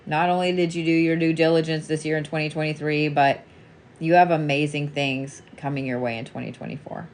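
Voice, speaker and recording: Woman, low-pitched voice, reiki and wax reader, casual live chat, swears freely, laughs a lot, reassuring. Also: fairly even intonation, brisk. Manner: reassuring, calls listener sweetie.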